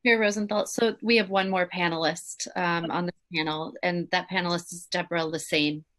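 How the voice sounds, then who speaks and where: Brief: low-pitched woman, formal and brisk, calling the next witness. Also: steady tone, fairly bright tone. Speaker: committee staff calling witnesses. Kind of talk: procedural announcements. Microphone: remote video call.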